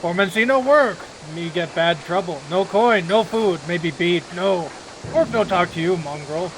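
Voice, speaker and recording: A man's voice: high-pitched, moderate pace, background noise. A man voicing a downtrodden male orc factory laborer who talks in blunt, broken, clipped phrases. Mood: gruff.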